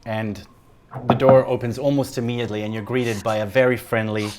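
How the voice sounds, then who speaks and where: A man's voice: mid-range voice, fairly even intonation, brisk, very noisy. A man running a tabletop game as game master, narrating in a loose way with many fillers and restarts.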